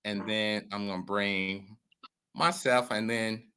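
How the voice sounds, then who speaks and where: Bright-voiced man hosting a live show. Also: on the low side, steady tone, takes it slowly, a little hiss or hum. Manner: emphatic and profane, addresses viewers directly.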